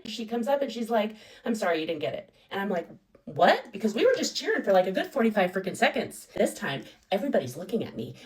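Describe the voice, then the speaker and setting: A woman in her thirties rattles through a casual storytime at a quick clip, sassy and self-mocking, with sudden bursts of mock excitement. Her voice sits a little back from the mic. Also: fairly high pitch, recorded from a distance, poor audio. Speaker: storytime vlogger.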